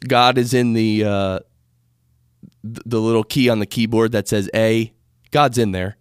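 A lowish, clear, resonant voice with fairly even intonation belongs to an American man hosting a podcast about spirituality. He takes his time, rambling conversationally and correcting himself as he speaks into a studio mic. The recording is clean, with no echo.

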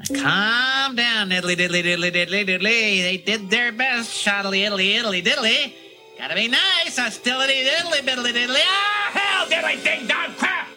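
A man's voice: very high-pitched, expressive, moderate pace, music in the background, pitched above the performer's own voice. A clip of a man voicing a cheerful neighborly cartoon man who cusses in sing-song nonsense rhymes.

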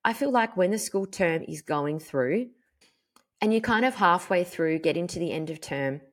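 Low-voiced woman telling it frankly. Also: normal speed. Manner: frank, animated storytelling with swearing and filler words. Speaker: podcast host. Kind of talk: candid personal monologue.

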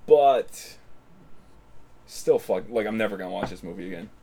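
A man's voice: lowish voice, moderate pace, vocal fry, warm tone. A man giving blunt, offhand opinions in casual podcast chat, with many fillers.

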